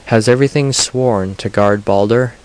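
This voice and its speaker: A man's voice: on the low side, normal speed, a little mellow, close to an everyday voice. A man reading a prying disguised old woman. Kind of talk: audiobook reading.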